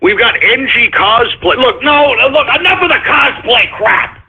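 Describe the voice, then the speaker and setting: Foul-mouthed male call-in host, husky and shouty, phone-quality audio. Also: very high-pitched, expressive, unhurried. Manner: angry, profane ranting with sudden shouts. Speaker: radio show host. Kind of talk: call-in radio rant. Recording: phone-like narrow sound.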